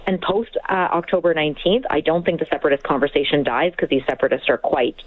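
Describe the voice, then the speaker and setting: A woman speaking as a radio panelist, making a measured argument with fillers. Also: sits low, no echo. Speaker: political panelist. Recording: tinny phone line, dry.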